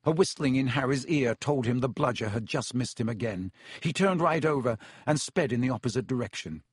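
Husky-voiced male audiobook narrator. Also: medium pitch, brisk, dry recording, studio quality. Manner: steady storytelling, doing character voices. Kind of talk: scripted narration.

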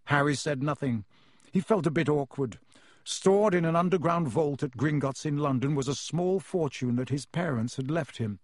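A man reading a storybook aloud as narrator, measured and expressive, on a close studio mic. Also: on the high side, no echo. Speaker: audiobook narrator.

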